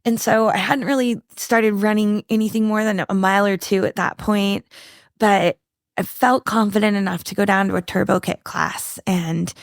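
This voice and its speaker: A woman speaks into a close podcast mic, recounting her past with candid earnestness. Her voice carries a light gravelly edge, and the sound is dry and close. She stops and restarts often as she searches for the right words. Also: mid-range voice, fairly even intonation, no echo. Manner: earnest, halting, many restarts and fillers. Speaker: podcast guest. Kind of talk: candid personal storytelling.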